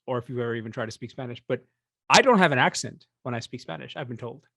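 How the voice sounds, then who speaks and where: A man's voice: medium pitch, lively intonation, fast, creaky, sharp tone, no room sound, clean studio sound. A man co-hosting a podcast in casual chat, telling self-deprecating stories. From Punjabi background. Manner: chatty, self-deprecating storyteller. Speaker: podcast co-host.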